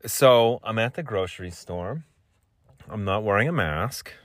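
A young man with a fairly low voice hosting a solo podcast. He wanders from tangent to tangent and keeps teasing his listeners. The recording is dry and close, with no room echo. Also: animated, unhurried, a bit bright. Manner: joking, self-teasing, meandering. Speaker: podcast host. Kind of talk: rambling solo podcast chat.

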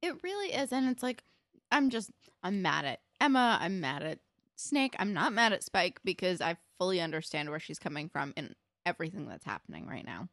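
A young woman chatting casually as a podcast co-host, recapping a TV episode, animated and peppering her talk with "like" and swearing. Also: lowish voice, moderate pace, no echo, studio quality. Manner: animated, swears a lot, many likes.

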